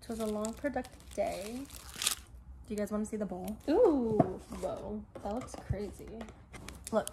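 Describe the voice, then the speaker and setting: A young woman who is an actor, gushing in a casual vlog from her messy bedroom. She talks excitedly and leans on "like" a lot. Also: medium pitch, a little slow. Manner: gushing, excitable, heavy use of "like". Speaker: actor and vlogger. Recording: echoey room, mic at a distance, background noise.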